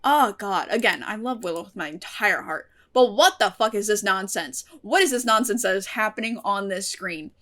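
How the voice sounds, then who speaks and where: A young woman reviewing a TV episode in a casual vlog, expressive and animated, swearing freely. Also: medium pitch, moderate pace, few pauses.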